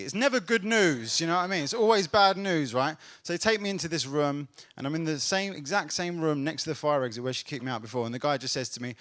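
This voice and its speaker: A man performing a stand-up comedy set on a club stage, telling a story and building to loud laughs. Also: a little high, lively intonation, fast talker, hardly any pauses.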